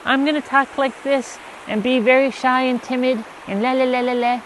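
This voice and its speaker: A man's voice: little pitch movement, moderate pace, a bit bright, slight background noise, rough recording. A man putting on a shy, timid, singsong guy. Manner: high, airy, singsong.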